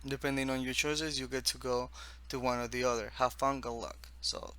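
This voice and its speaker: A man from the East Coast of the United States casually walks through his own text game, reading the on-screen text haltingly with restarts and asides. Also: medium pitch, flat delivery, bright, forceful tone, clear, resonant tone.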